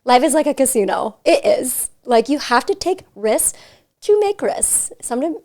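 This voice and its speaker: A woman's voice: high-pitched, sing-song, normal speed, warm tone. Chatty young woman hosting a podcast. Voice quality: chatty, filler-heavy, giggly. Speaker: podcast host. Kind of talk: casual chat. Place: hotel suite.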